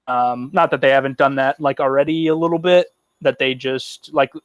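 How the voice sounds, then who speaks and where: A man's voice: mid-range voice, fairly even intonation, moderate pace, no room sound, muffled recording. A man co-hosting a podcast in casual chat, rambling and swearing, with lots of fillers. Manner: loose, profane, rambling with fillers. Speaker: podcast co-host.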